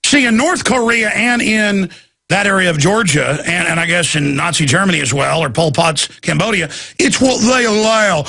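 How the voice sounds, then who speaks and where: A man's voice: high-pitched, moderate pace, creaky, sharp tone. A man hosting a talk show, commenting over a video clip in a mocking, heated way. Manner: mocking, puts on drawling voices, laughs.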